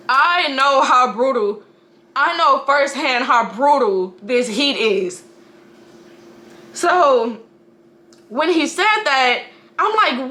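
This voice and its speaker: A mother speaking to camera about a personal loss, halting and emotional, often restarting her sentences. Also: a little high, sharp tone. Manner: halting, emotional storytelling with frequent restarts and profanity.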